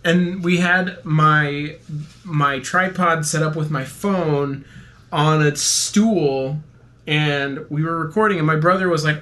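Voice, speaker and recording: Bright-voiced young man telling a rambling story. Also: fairly high pitch, takes it slowly. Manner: rambling storyteller, jokey, laughs often. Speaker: podcast co-host. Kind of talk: casual chat.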